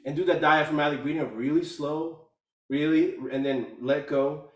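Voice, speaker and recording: Male caller on a video call, halting speech, echoey and off-mic. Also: fairly high pitch, fairly even intonation. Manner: halting, many fillers and restarts. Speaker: community call participant. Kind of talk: casual testimonial. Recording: echoey room, far from mic.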